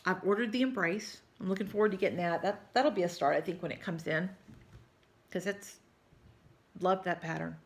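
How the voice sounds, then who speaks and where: A woman's voice: fairly low pitch, normal speed. A woman from South Texas with a Texan accent, chatting casually with viewers in a rambling, apologetic way while tired and yawning. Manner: rambling, chatty, apologetic, says y'all often. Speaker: cross-stitch vlogger.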